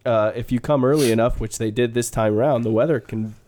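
A man's voice: medium pitch, fast talker, darkish tone. A man co-hosting a podcast, chatting casually and explaining things with wry asides. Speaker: managing editor, podcast co-host.

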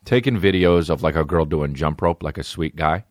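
A male comedian hosting his podcast, rambling through a profane, animated monologue. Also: a bass voice, moderate pace, dry recording, clean studio sound.

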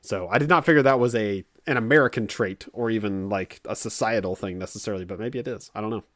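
A man's voice: on the low side, fast talker, dry recording, studio quality. A man hosting a casual conversation, joking and laughing often, acting out silly voices. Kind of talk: casual chat.

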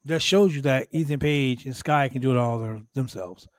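A man hosting a casual wrestling recap show, talking in an animated, profane way and acting out quotes from the show. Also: mid-range voice, normal speed, no echo. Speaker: podcast host recapping wrestling.

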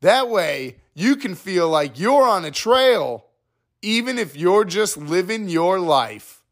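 A man's voice: sits high, big pitch swings, slow, fairly bright tone, voice pushed up, full character voice. A man doing a chirpy mock ad announcer. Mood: mock-upbeat. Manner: sing-song mock commercial delivery. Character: chirpy male ad announcer, over-eager.

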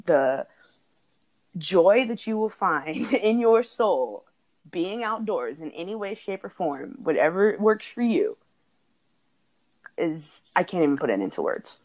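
A woman's voice: on the low side, animated, a little slow, a little mellow. A woman co-hosting a podcast, talking in a casual, earnest and heartfelt way, often laughing as she speaks. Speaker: podcast co-host.

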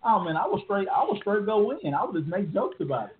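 Fast-talking man on a tinny line. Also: sits high, slight background noise. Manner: animated, slangy storytelling. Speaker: podcast co-host. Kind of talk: casual chat. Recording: tinny phone-like audio.

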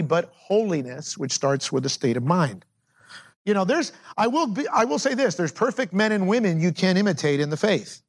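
A middle-aged man preaching a sermon as pastor, moving between loud emphatic declarations and quiet low asides.

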